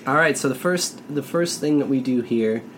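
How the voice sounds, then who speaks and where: A man's voice: medium pitch, moderate pace, a little hiss or hum. A man co-hosting a casual group podcast, playful and teasing. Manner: playful, teasing, laughs loudly. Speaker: podcast co-host.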